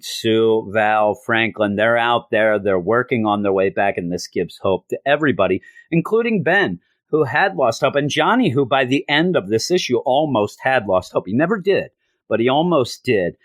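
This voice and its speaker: A man's voice: fairly low pitch, no echo. A man chatting casually as he reviews a comic, retelling scenes loosely and slipping into quoted lines. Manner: loose with fillers and restarts.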